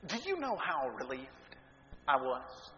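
Guy preaching, animated and joking at himself, echoey hall with faint hum behind. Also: mid-range voice, slow. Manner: animated, self-mocking storyteller. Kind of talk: sermon storytelling. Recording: dull echoey hall recording, faint ambience.

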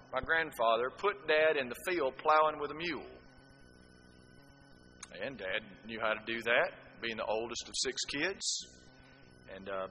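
A man's voice: medium pitch, sharp tone, in a large hall, rough recording. A man preaching a sermon, telling folksy stories with rhetorical asides.

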